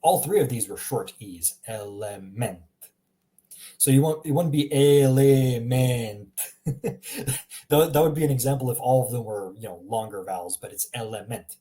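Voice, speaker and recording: A man talks through a language lesson in an easygoing way, with a mellow, darker tone. He slows down to sound out words carefully and lets a chuckle slip in now and then. His voice sits at an ordinary pitch for a man. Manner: relaxed, chuckling, slows down to model pronunciation. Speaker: language teacher. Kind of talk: casual spoken lesson.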